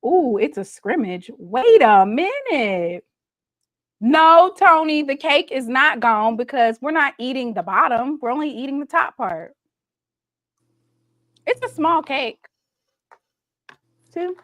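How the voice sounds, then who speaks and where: A woman's voice: sits high, big pitch swings, slow pace, pauses often, a bit bright, no echo, studio quality. A woman, hosting a casual livestream chat and playfully reading viewer comments. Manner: chatty, playful, reads viewer comments aloud. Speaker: livestream host.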